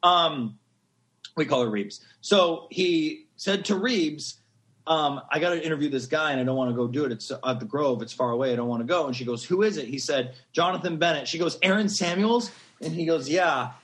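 A man in his thirties, a podcast guest, telling a story in a casual, animated, gushing way and acting out the quotes. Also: on the high side, normal speed.

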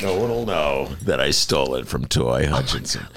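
A man hosting a political talk show, lively and joking as he leads the chat. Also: rumbling low, a little fast, hardly any pauses, crowd noise. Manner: lively, joking, self-mocking. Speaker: podcast host.

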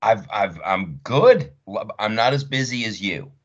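A man's voice: fairly low pitch, expressive, measured pace, fairly bright tone, breathy edge, muffled recording. A man hosting his podcast in a rambling, joking, chatty way. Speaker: podcast host. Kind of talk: casual chat.

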